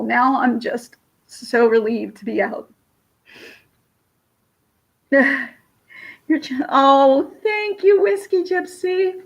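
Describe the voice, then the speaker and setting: Emotional female streamer in her thirties, tearful, talking to chat; a slightly higher voice. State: teary from crying. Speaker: livestream host. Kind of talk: casual live-stream chat with viewers.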